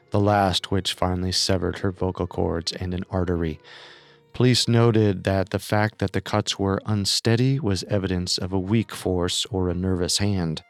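A man narrating a true-crime story in a measured, scripted way. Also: low voice, clear, resonant tone, no room sound.

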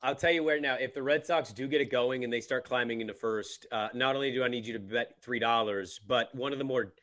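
A man hosting a casual sports betting chat, teasing his co-host in emphatic, quick bursts. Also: medium pitch, fairly bright tone, no echo. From Portland, Oregon.

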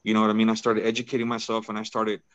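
A man's voice: lowish voice, monotone, very fast, clean tone, no room sound, dull audio. A man as a podcast guest, telling a personal story in a laid-back, casual way and peppering his talk with "bro" and "right?".

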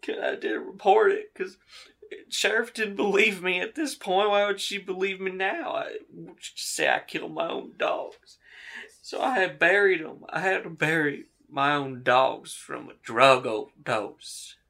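A man's voice: on the low side, normal speed, pauses often, pushed and bright, voice pushed down. A man doing a rambling, bitter local drunk. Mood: grieving. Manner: rambling, defensive testimony. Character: shaken middle-aged man, a local drunk.

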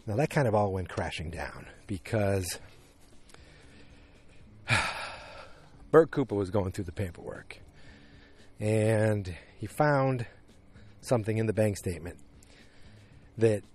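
A man's voice: lowish voice, animated, slow, long pauses, a little mellow. A man casually recapping a TV episode, rambling with lots of fillers and restarts. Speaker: show recapper. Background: dogs barking.

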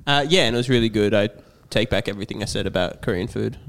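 A man's voice: fairly low pitch, fast, creaky, a bit bright. A man in a casual podcast chat, blunt and laid-back, swearing casually. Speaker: podcast co-host.

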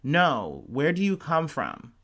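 A man's voice: a little high, wildly swooping pitch, takes it slowly, fairly bright tone, heavily acted. A man reading as a prying elderly posh lady. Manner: insistent, dismissive questioning. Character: elderly upper-class woman, prying and condescending.

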